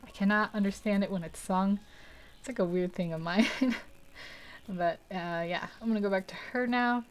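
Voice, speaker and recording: A woman's voice: medium pitch, normal speed. A young woman hosting a live art stream, chatting casually and rambling while she paints, laughing often and poking fun at herself. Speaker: art livestream host.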